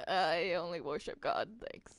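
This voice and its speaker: A woman playing a game roleplay in casual chat, laughing often and protesting with rapid repeated no's. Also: fairly low pitch. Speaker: player narrating a game roleplay.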